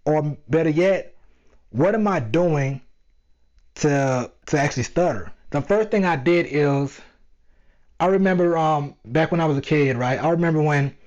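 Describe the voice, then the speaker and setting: A young man tells his story in a casual monologue, animated and full of slang as he talks straight to his listeners. His voice sits a little high. The recording sounds dull and lo-fi. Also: moderate pace. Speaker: vlogger.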